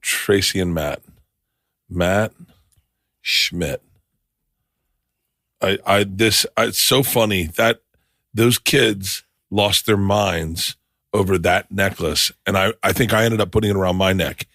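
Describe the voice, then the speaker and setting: A man's voice: deep voice, takes it slowly, pauses often, a bit bright, dry recording, studio quality. A middle-aged man hosting a podcast, chatting loosely and swearing freely as he jokes with his guest. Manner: loose, joking and profane. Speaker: podcast host. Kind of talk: casual interview chat. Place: podcast studio.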